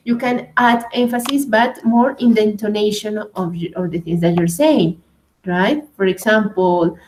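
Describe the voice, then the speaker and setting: A woman whose first language is Spanish, teaching an English grammar class at a slow, hesitant pace and often checking in with "right?". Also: mid-range voice, a little mellow, rough recording.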